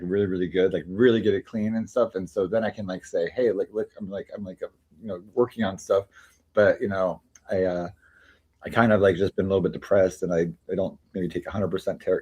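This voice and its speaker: A man's voice: sits low, fast, warm tone, breathy edge. A man chatting casually on a livestream, rambling with many fillers and restarts. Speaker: streamer.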